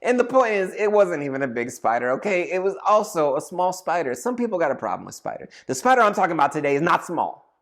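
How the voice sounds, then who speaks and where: A man in his thirties tells a funny story from his life to the camera. His pitch swoops widely as he acts out voices and bursts into shouts, and his delivery stays animated throughout. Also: fast. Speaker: storyteller vlogger. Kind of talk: casual comedic storytelling.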